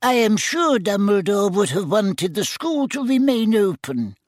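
A man's voice: high-pitched, big pitch swings, a little slow, dry recording, studio quality, pitched above the performer's own voice. A man voicing an earnest, firm middle-aged witch teacher in an audiobook.

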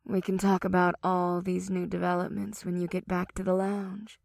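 A man's voice: high voice, monotone, gravelly, dry recording, clean studio sound, pitched above the performer's own voice. A man voicing a flirtatious female succubus who coos and giggles on a phone call. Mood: flirty. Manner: cooing, giggly, slow.

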